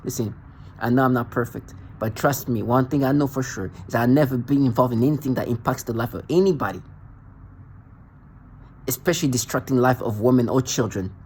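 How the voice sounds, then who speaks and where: A man's voice: mid-range voice, brisk, a little mellow, a little hiss or hum. A man delivering an angry, accusatory monologue to the camera, ranting and repeating himself in a confrontational way. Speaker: vlogger.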